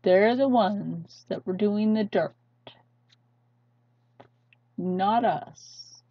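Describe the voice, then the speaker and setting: Husky woman in an urgent slow rant. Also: mid-range voice, dry recording. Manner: urgent, pleading, emphatic. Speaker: channel host. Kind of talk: impassioned vlog rant. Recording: dull lo-fi sound.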